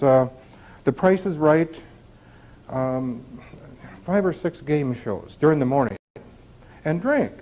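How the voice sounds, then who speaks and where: A man's voice: on the high side, dark tone, low-quality recording. A middle-aged man speaking to a group about recovery, talking conversationally and asking rhetorical questions. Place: retreat center meeting room.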